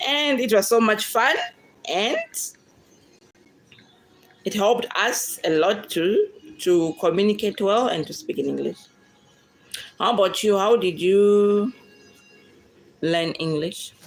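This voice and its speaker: A woman's voice: medium pitch, animated, slow, long pauses, low-quality recording. A woman with a Zimbabwean accent, a native Shona speaker, chatting with viewers in a casual question-and-answer vlog, talking to them directly and laughing often.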